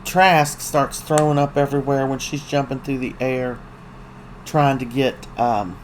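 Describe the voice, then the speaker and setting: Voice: mid-range voice, steady tone, a little hiss or hum, poor audio. A host casually recapping a week of a soap opera, talking in a chatty, gossipy way with lots of ums and uhs. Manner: chatty, gossipy storytelling with many fillers; acts out characters' lines in quick put-on voices.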